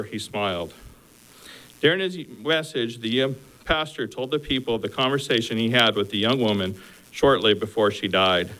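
A man's voice: mid-range voice, a bit bright, smooth, low-quality recording. Earnest male preacher giving a sermon. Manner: earnest, exhorting, numbered points.

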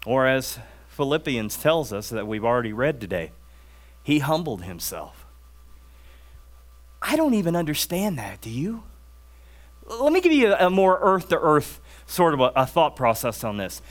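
A man preaching a sermon and telling stories, swinging from raised emphatic lines to hushed, drawn-out ones. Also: mid-range voice, sing-song. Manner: storytelling, drawn-out words for emphasis.

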